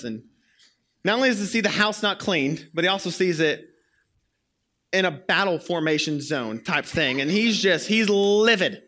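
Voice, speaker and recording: A young man preaching to a congregation, telling a story with lively, playful energy. His voice sits high and bright, with a forward, ringing edge. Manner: animated storyteller, playful and quick. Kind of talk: sermon with personal story.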